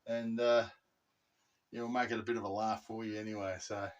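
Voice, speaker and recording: A man's voice: medium pitch, a little fast, far from the mic. Laid-back Australian man filming outdoors. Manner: laid-back, chatty, rambling asides. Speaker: channel host. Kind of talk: casual how-to vlog. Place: outdoors in a backyard.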